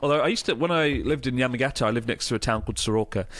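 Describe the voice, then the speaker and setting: A man's voice: mid-range voice, very fast, a bit bright. A man co-hosting a podcast, chatting casually and rambling with fillers. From England. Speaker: podcast co-host. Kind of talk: casual chat.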